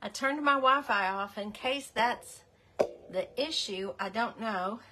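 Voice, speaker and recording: A woman's voice: fairly high pitch, slow pace, sharp tone, a little hiss or hum. A middle-aged woman hosting a casual live craft stream, chatty and apologetic, greeting her viewers by name. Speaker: craft livestream host.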